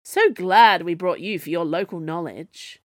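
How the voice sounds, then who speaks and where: A brash young woman knight with a sharp, sardonic tongue, put on by a woman narrator for a storybook podcast. The voice sits a little low and sounds dry and close. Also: a little slow, no room sound, lightly acted. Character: bold brash young woman knight, sword-wielding champion.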